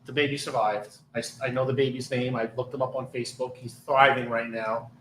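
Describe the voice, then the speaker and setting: A man's voice: mid-range voice, brisk, roomy sound, a little hiss or hum, rough recording. Blunt swearing New man. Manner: blunt, heavy swearing, animated retelling. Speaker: former police officer, podcast guest. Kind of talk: casual storytelling.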